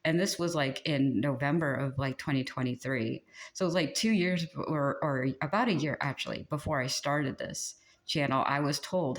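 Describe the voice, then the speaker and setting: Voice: mid-range voice, normal speed. Chatty rambling spiritual pep talk. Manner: chatty and rambling, with many fillers and frequent laughs; exasperated and venting. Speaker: spiritual channel host.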